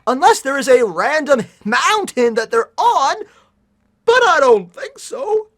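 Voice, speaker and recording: Reading a novel aloud on stream, the speaker ridicules it with exasperated sarcasm, swearing and sighing often between sections. Their high voice swings widely in pitch and sounds a bit bright, and the pace is a little slow.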